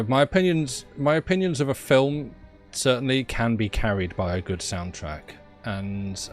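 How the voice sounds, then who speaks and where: A British man chatting casually on a game stream, rambling and wry about himself. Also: fairly low pitch. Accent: British English. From Britain. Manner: rambling, self-deprecating, wry. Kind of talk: casual live-stream chat.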